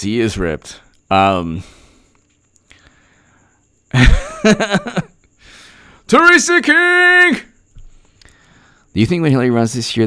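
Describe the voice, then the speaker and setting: A male host delivering sarcastic political commentary in a mocking, deadpan way. His pitch swings widely and his voice is smooth and resonant. The sound is dry and close. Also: no echo.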